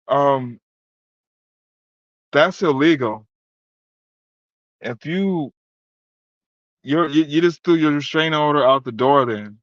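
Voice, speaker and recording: A man's voice: on the high side, slow, pauses often, no echo. A man doing profane, heated casual commentary while reacting to chat and reading it aloud. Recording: dull lo-fi dry sound.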